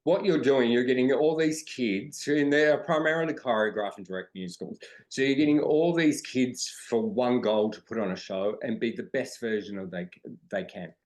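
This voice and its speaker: A middle-aged Australian man who is a drag performer and dance teacher appears as a podcast guest in a candid interview. He tells stories and acts out his students' lines in a slightly mellow, mid-range voice at normal speed with hardly any pauses. The recording is rough.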